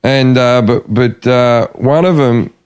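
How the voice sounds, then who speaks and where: A man's voice: mid-range voice, slow pace, darkish tone, smooth. A man chatting on a casual podcast, trading dry teasing wisecracks.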